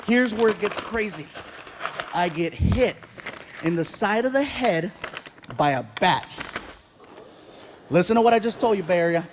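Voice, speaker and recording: Animated male stand-up comedian. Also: high voice, a little hiss or hum. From Mexican-American. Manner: animated, self-mocking, many voices and laughs.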